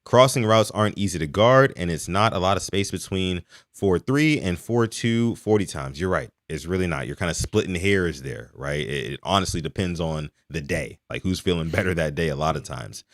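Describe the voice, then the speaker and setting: A young man from Maryland hosting a live sports podcast, reading out donations and chatting with a lively, animated delivery. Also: sits low, normal speed, dry recording, clean studio sound. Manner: animated, reads donations aloud. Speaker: podcast host. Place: home in Texas.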